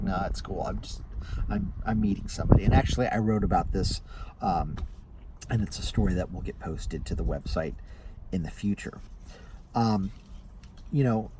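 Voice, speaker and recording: Lively male rideshare driver telling stories. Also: medium pitch, background noise. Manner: acts out passengers' lines in raised voices. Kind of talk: casual storytelling to camera. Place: inside a car.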